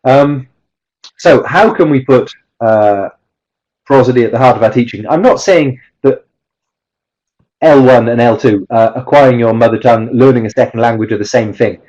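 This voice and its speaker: This lecture-style webinar on pronunciation teaching comes from a man whose mid-range voice has a darkish tone and a moderate pace. He hesitates a lot, filling gaps and restarting phrases. The video-call sound is slightly dull.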